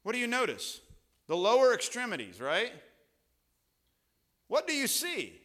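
A man preaching a sermon as pastor, chatty and rambling with asides, rising to loud, emphatic peaks. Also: extremely high pitch, huge pitch swings, measured pace. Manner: conversational, rambling with asides and restarts.

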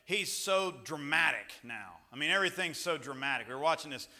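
Male preacher, bright and forceful tone, storytelling sermon with big swings in volume. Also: fairly high pitch, fairly quick. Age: young children at home, father. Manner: animated, swings between loud emphasis and hushed tones. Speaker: pastor. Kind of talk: sermon with personal stories.

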